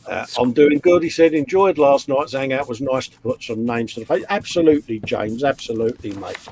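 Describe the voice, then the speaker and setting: This English host of a live model-building stream speaks at medium pitch, slightly fast, with a somewhat mellow sound. He jokes and reads out viewer comments in relaxed banter, and there's slight background noise.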